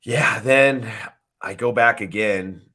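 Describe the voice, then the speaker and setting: A man in his thirties, an interview guest, telling a painful personal story in a halting, emotional way with many restarts. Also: medium pitch, pushed and bright.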